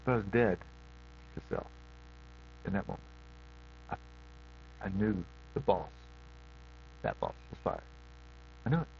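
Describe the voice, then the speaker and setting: A middle-aged man preaching a sermon in a folksy way, swinging between loud questions and hushed asides. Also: lowish voice, moderate pace, long pauses, dull audio, slight background noise.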